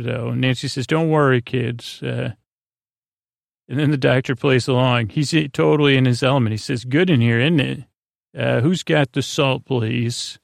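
A man's voice: mid-range voice, creaky, no room sound, clean studio sound. A man hosting a podcast for sleep, retelling an episode in a meandering, hesitant way, full of fillers and restarts, and quoting the characters in his own plain voice. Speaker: podcast host. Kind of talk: rambling episode recap for sleep.

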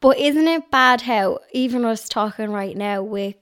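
Casting: Dublin woman, lively storyteller who laughs a lot, slightly high voice. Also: a little slow, no echo. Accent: North Dublin. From Ireland. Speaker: guest, lifestyle blogger. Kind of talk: casual podcast chat. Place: her home.

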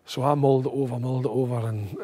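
A Scottish man rattles through a story at a quick clip in a slightly husky voice. He talks casually as a guest, switching into other people's voices when he quotes them. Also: mid-range voice. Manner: animated, acts out quoted voices. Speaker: former footballer, podcast guest.

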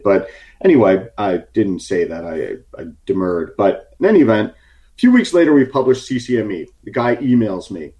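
Low, mellow-voiced man telling a story. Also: animated, a little fast. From United States. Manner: casual, lots of fillers and restarts, wry. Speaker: interview guest, short seller. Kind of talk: conversational storytelling interview.

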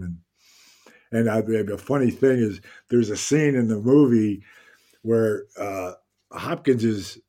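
An older man, a guest actor on an interview podcast, telling anecdotes in a casual, animated way and acting out the lines he quotes. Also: lowish voice, slightly rough.

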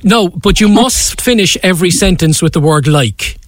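A man's voice: high-pitched, lively intonation, normal speed, dry recording. A man, a jovial, teasing radio host interviewing guests.

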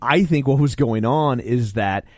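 A man on a film chat podcast with a relaxed, wry way of telling stories. His voice sits at an average pitch. The sound is tight and dry. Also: unhurried, dry recording. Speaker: podcast co-host. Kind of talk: casual movie review chat.

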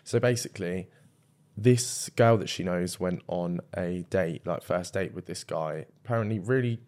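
Low-voiced man telling stories. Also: moderate pace, a little mellow. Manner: chatty storyteller recounting anecdotes. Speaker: podcast co-host. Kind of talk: casual chat.

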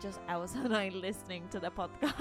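A young woman co-hosting a podcast in casual chat, animated and teasing, laughing often. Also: mid-range voice, brisk, over music. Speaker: podcast co-host.

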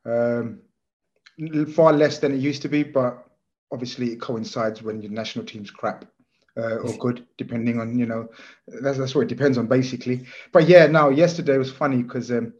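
A man chatting as a podcast guest, telling stories in an animated, rambling way. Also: mid-range voice, moderate pace, muffled recording. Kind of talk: casual football chat.

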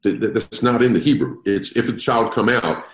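A man's voice: medium pitch, moderate pace, reverberant, rough recording. A man leading an interactive Bible study, explaining verses and putting questions to his group. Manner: lively, asks the group questions. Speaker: Bible teacher.

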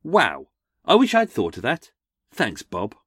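A man's voice: medium pitch, huge pitch swings, a little slow, a bit bright, slightly rough. Sardonic man hosting a podcast. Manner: sardonic, jokey asides. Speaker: podcast host. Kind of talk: comedic true-crime podcast.

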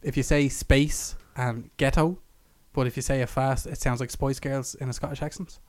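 A man's voice: mid-range voice, steady tone. A young man hosts a casual podcast in a mid-range voice. He is chatty and joking, leading the conversation with easy questions. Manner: chatty, quick to joke, leads the questions. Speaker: podcast host. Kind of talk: casual chat.

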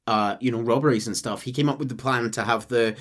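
A man's voice: medium pitch, quick pace. A man casually recapping a game's story as a podcast host, with lots of hedging. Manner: animated, laughing, hedging with "sort of".

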